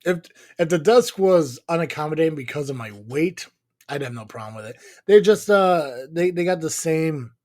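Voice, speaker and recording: A man's voice: fairly high pitch, lively intonation, normal speed, darkish tone, dry recording, clean studio sound. A man co-hosting a casual live podcast, rambling and swearing, with lots of fillers. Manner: rambling, profane, many fillers. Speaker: podcast co-host.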